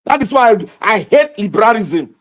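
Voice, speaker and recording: Nigerian guy on a livestream, really high voice, preachy and fired up, yells a lot. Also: very animated, moderate pace. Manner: impassioned, preachy ranting with shouted outbursts. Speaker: livestream host. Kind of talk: livestream commentary.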